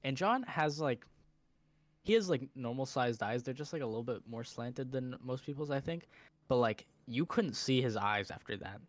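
A man's voice: medium pitch, expressive, moderate pace, dry recording. A young man co-hosting a podcast, telling rambling stories and joking in slang. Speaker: podcast co-host. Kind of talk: casual chat.

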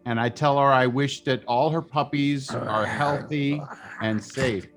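A man at mid pitch describing his character's actions in a tabletop game. He speaks haltingly, with frequent fillers and restarts, and faint music sits underneath. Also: steady tone. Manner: halting, filler-heavy phrasing. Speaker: player. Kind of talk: tabletop role-play.

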